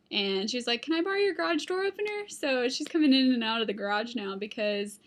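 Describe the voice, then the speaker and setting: A young woman with a somewhat high voice rambles through a casual vlog into her computer webcam at home. She drifts from topic to topic in a chatty way and stops to talk to her dog. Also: a bit bright. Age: young adult. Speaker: vlogger. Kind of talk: casual chat to camera. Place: at home, indoors.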